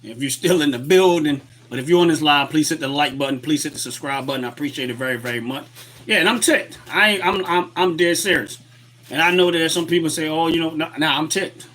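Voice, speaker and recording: A man's voice: fairly high pitch, a bit bright. Fired-up man ranting on a livestream. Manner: fired-up, repetitive, reads chat aloud. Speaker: livestream host. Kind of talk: political livestream rant. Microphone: webcam setup at desk.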